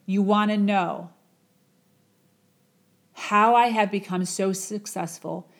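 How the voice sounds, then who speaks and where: A woman voicing a calm, wise older male guru in a story she tells, speaking slowly and quietly. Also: mid-range voice.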